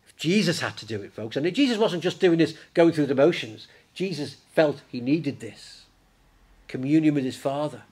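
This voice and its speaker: A man preaching a sermon in church, lively and conversational, raising his voice when he acts out the disciples. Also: fairly high pitch, normal speed, husky. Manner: animated, acts out the disciples in a raised voice.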